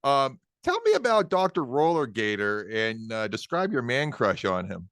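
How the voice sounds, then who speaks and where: A man's voice: mid-range voice, wildly swooping pitch, normal speed, a bit bright, no echo, studio quality. A man hosting a podcast, casually asking rambling questions of his guest. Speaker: podcast host. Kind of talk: casual interview.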